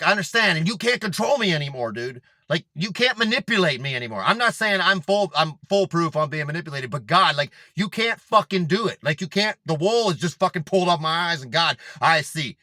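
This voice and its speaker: A man's voice: high-pitched, pushed and bright, no echo. A young man in a casual monologue to camera, talking in a rambling, emphatic way full of swearing and filler words. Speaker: fitness vlogger.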